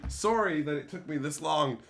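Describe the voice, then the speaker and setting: A man hosting a casual livestream, chatting with viewers in a blunt, animated way, swearing freely and breaking into loud outbursts. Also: on the high side, normal speed, gravelly. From Canada. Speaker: streamer host.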